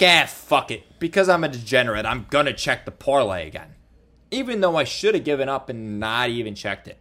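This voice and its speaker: A young man co-hosting a podcast, telling a story in casual chat with an excitable, self-mocking manner. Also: mid-range voice. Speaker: podcast co-host.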